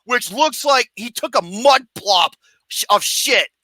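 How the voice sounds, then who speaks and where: A host delivers a comedic review rant at a slow pace, swearing freely, laughing at their own jabs and leaning into sarcasm with animated energy. Their pitch jumps around constantly and the tone is bright and cutting. The recording is dry and close.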